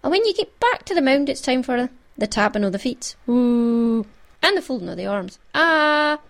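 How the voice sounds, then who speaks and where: A woman's voice: sits high, big pitch swings, normal speed, creaky, pitched above the performer's own voice, exaggerated voice. A woman doing a bossy, boastful wee Scottish clan chief. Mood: blustering. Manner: broad dialect, blustering and commanding. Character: small fierce Scottish pictsie chief, bossy and proud. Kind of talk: storybook reading.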